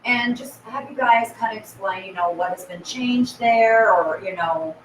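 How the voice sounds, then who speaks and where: A woman's voice: fairly high pitch, measured pace, crowd noise. Woman host, echoey and distant. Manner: casual, guiding questions. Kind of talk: live-stream interview. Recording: echoey room, far from mic.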